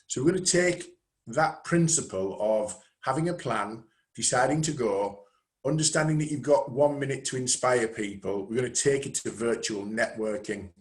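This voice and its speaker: Man leading a lively webinar. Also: medium pitch, normal speed. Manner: lively, conversational, self-deprecating. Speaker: webinar presenter, networking coach. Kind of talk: webinar presentation. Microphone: video call.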